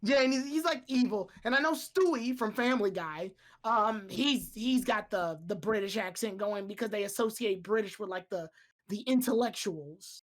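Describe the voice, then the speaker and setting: A woman's voice: medium pitch, normal speed. A woman co-hosting a podcast in casual chat, rambling along with lots of filler words and restarts. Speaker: podcast co-host.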